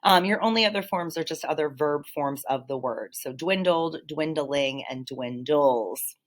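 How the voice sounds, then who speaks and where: A woman teacher walking students through vocabulary slides, explaining patiently with frequent fillers and throat clearing. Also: low voice, measured pace. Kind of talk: vocabulary lesson over slides.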